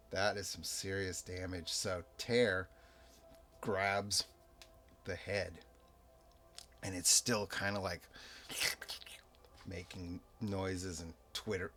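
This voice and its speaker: A man narrating a solo tabletop game as game master, in a relaxed, rambling, self-amused way. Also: lowish voice. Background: soft background music.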